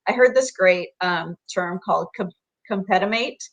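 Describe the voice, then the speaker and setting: A woman's voice: on the low side, moderate pace. A woman guest on a podcast, talking casually in an upbeat way and laughing at her own jokes. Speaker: guest, coach and co-author.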